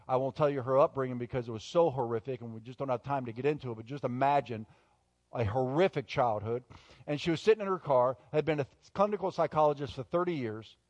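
A male pastor preaching a sermon, moving between quiet, intimate asides and loud, emphatic bursts. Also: a little high, no room sound.

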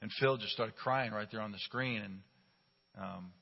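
A middle-aged man, a pastor, delivering a sermon with humorous, animated storytelling. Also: fairly low pitch, normal speed, vocal fry. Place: church sanctuary. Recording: dull recording with long hall reverb.

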